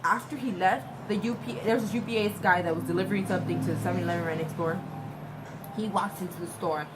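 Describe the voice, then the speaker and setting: A young woman telling a personal story in a casual, halting way, often repeating and restarting her words. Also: lowish voice, low-quality recording. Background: music.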